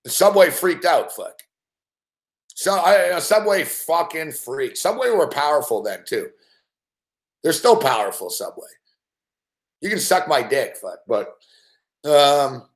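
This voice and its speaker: A man's voice: fairly high pitch, very animated, measured pace, pauses often. A man hosting a sports betting show, telling rambling, profanity-laced anecdotes with frequent laughs. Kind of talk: casual storytelling on a live stream.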